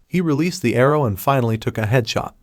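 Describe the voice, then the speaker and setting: A man's voice: mid-range voice, lively intonation, fast, dry recording. Man narrating a story recap, dry.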